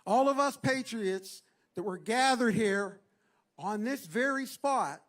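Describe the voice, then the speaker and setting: Man, middle-aged, very high-pitched, rousing rally speech, shouted chants, outdoor stage mic. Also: lively intonation, measured pace. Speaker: rally speaker.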